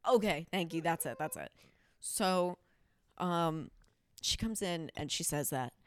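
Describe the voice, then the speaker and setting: A woman hosting a casual podcast, telling a story in a blunt, profane, animated way. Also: on the low side, unhurried. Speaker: podcast host.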